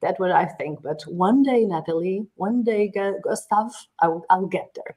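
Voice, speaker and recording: Middle-aged Portuguese woman, accented English, mid-range voice, chatty expressive guest with frequent restarts. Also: mid-range voice, normal speed. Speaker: guest, media training executive. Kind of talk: casual interview answers.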